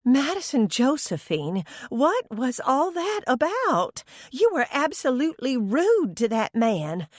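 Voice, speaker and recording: A woman's voice: sits high, very animated, slow, hardly any pauses, no echo, studio quality, voice pushed up, heavily acted. A woman voicing an indulgent, sarcastic older mother with a whispery voice in an audiobook. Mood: scolding. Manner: teasing, scolding.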